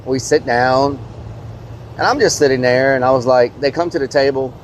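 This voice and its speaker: A man's voice: medium pitch, steady tone, moderate pace. Man, streamer, rambling casual storytelling, loose fillers, mild swearing, faint background hum. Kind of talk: casual storytelling to live chat.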